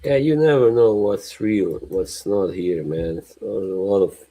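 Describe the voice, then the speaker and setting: Slow, deep-voiced man chatting on a stream. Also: dark tone, poor audio. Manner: rambling, laughs often between remarks. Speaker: livestream host. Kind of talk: casual chat.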